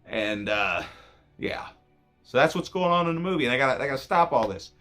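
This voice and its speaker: A man's voice: expressive, brisk, pushed and bright, faint music behind. Profane rambling man reviewing a movie. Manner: profane, rambling, self-interrupting; voice jumps high when emotional.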